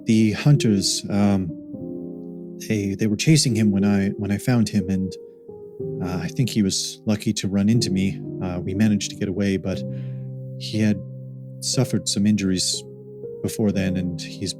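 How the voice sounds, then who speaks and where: A man voicing a mysterious woman who tends a sick man, speaking in a measured, halting way with pauses. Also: fairly low pitch, steady tone, music in the background, natural voice. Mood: calm, wary.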